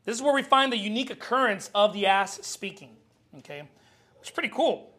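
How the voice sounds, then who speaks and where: A man preaching a sermon as pastor, animated and joking, acting out scenes from the Bible. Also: high voice, fairly quick.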